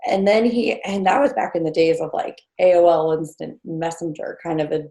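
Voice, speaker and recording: A woman's voice: fairly low pitch, moderate pace, warm tone. A woman in her thirties from New Jersey, a podcast guest telling a personal story in a chatty way with many fillers and small laughs. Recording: echoey room.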